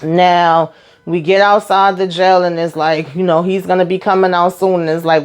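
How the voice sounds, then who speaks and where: A woman hosting her own channel and recapping a reality TV episode in a casual, animated way, swearing freely and acting out what the people on the show said. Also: fairly low pitch, normal speed, clean tone.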